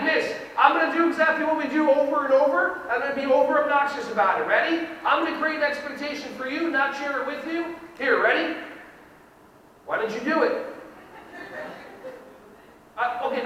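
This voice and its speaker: A man giving a lively educational keynote to an audience, with a playful, animated delivery that acts out kids and parents. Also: very high voice, a little hiss or hum. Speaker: keynote speaker. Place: large hall with audience. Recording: echoey hall recorded from far off.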